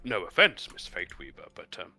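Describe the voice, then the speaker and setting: A man's voice: lowish voice, sing-song, moderate pace, gravelly, sharp tone, faint music behind, heavily acted. A man voicing a flustered, evasive male council member who stammers and hesitates. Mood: nervous, placating. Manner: hesitant, stammering, full of ums.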